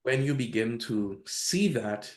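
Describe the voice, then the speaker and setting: A man's voice: medium pitch, expressive, takes it slowly. Candid man telling stories. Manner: candid, laughs at own stories, acts out quotes. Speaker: podcast guest. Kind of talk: casual storytelling interview.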